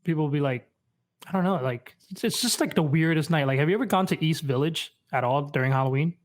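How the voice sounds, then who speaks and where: Higher-voiced New man. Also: fast. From New York. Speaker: podcast co-host. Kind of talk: casual chat.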